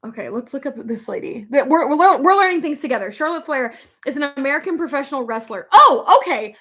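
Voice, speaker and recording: A young adult woman chatting casually as a vlogger, reading comments aloud, emotional and quick to laugh, with many fillers. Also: sits high, lively intonation, fairly bright tone. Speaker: vlogger reading live chat. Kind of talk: casual chat.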